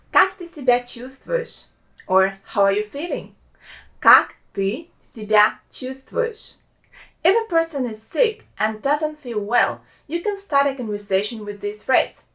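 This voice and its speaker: Russian-accented woman teaching phrases slowly. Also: a little high, pushed and bright. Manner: slow careful repetition of example phrases. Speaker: language teacher. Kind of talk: scripted language lesson.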